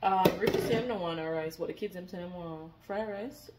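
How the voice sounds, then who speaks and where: A woman's voice: fairly low pitch, brisk, heavy background noise. A woman vlogger, chatting casually and laughing often as she films her day. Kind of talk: casual vlog chat.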